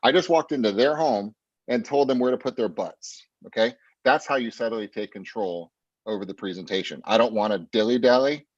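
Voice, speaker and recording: A man's voice: medium pitch, normal speed, dry recording. Brief: blunt male sales coach, dry close sound, slightly muffled lo-fi. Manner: punchy and blunt, keeps asking "right?". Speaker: sales trainer. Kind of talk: coaching a team on a sales script.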